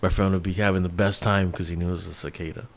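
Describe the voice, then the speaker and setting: A man's voice: low voice, fairly even intonation, fast, gravelly. A man in his thirties, from New York, hosting a casual solo podcast, rambling with lots of restarts and fillers and swearing freely. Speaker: podcast host.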